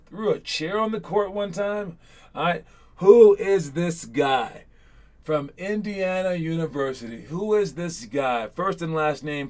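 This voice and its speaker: A young man coaching kids online, giving a rambling, energetic pep talk and running a trivia game. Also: fairly high pitch. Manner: energetic, rambling, repeats "all right?". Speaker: basketball coach hosting an online session.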